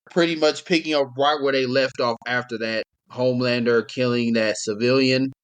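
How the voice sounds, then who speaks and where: Young male podcast co-host, rambling and relaxed, mid pitch, casual chat delivery. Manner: rambling, laid-back, laughs often.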